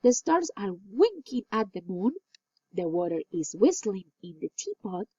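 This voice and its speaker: A woman teaching an English lesson, reading exercises slowly and clearly and praising answers. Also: mid-range voice, sing-song, warm tone, dry recording. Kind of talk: recorded classroom lesson. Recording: dull, lo-fi dry recording.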